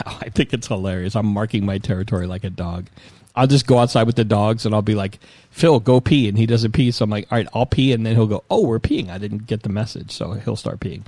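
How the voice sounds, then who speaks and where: A man's voice: fairly low pitch, a little mellow, no echo. A man in his forties telling a rambling, self-mocking story in casual chat.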